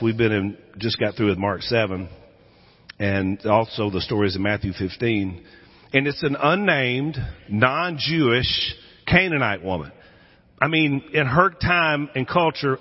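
Husky-voiced male pastor preaching in an echoey hall. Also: medium pitch, lively intonation, measured pace. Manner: dramatic storytelling, acting out quoted voices. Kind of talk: sermon. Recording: echoey hall, dull lo-fi sound.

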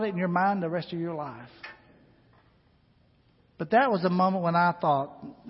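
A man preaching a sermon in a church, telling a personal story and swinging between hushed asides and loud, rising exhortation. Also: sits high, unhurried, pauses often. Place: church sanctuary. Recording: long hall reverb, dull lo-fi sound.

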